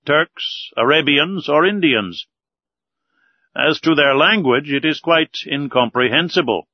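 A man narrating a classic novel aloud in a measured, deliberate reading. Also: medium pitch, no echo. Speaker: audiobook narrator. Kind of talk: scripted narration. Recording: dull, lo-fi recording.

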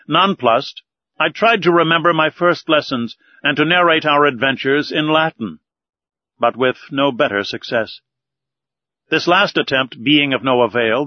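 A man narrating a classic novel aloud in a measured, deliberate reading. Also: medium pitch, no room sound. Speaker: audiobook narrator. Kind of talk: scripted narration. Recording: dull, lo-fi recording.

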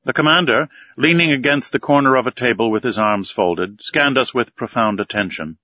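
A man reading a classic adventure novel aloud in a measured, even storytelling manner. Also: medium pitch, no room sound, dull audio. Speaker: audiobook narrator. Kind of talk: scripted narration of a classic novel.

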